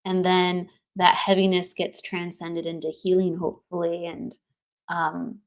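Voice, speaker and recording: Woman hosting a live stream, bubbly and chatty, laughs a lot, shouting out viewers. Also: lowish voice, flat delivery, measured pace. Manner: bubbly, greets viewers by name, laughs often. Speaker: host.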